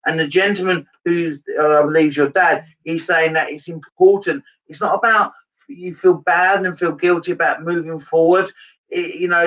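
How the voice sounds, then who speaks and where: A man, a medium, speaks earnestly in a fairly high voice. He rambles and restarts his sentences. The sound is muffled and a bit distant from the mic. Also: a bit bright. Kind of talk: live mediumship reading.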